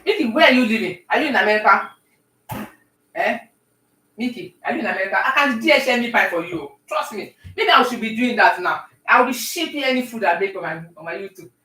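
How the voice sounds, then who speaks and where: A woman chatting with viewers on a live stream while she bakes at home, talking warmly and greeting people by name. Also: a little high, expressive, fast, roomy sound, distant mic, low-quality recording. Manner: warm, talkative, talks to viewers by name. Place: home kitchen.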